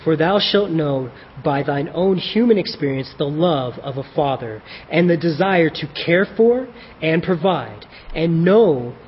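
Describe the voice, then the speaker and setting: A man's voice: a little high, expressive, unhurried, breathy edge. A man preaching a sermon who asks rhetorical questions and answers them himself, then reads a devotional in an old-fashioned scriptural style. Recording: dull, echoey hall with faint hiss.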